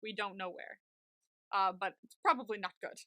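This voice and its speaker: In a dry recording, a young female podcast co-host with a medium-pitched, sharp-toned voice talks at a normal speed. Chatting casually, she recounts a TV episode with lots of animation, plenty of "like," and many fillers.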